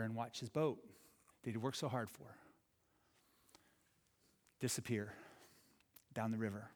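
A man telling a story in a halting way, repeating words and moving from excited to hushed. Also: medium pitch, big-room sound. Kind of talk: told story.

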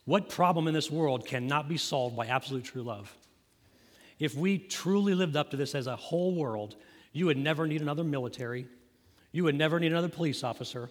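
A man's voice: a little high, a little fast. Conversational male pastor in reverberant hall. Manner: conversational, asks the congregation questions. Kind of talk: sermon. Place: church sanctuary.

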